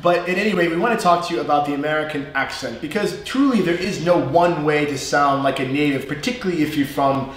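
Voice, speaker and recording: A man's voice: fairly high pitch, quick pace, few pauses, heavy reverb, slight background noise. A man from New York with a New York accent, an English teacher telling rambling stories in a casual lesson chat. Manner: rambling storyteller with frequent restarts and laughs.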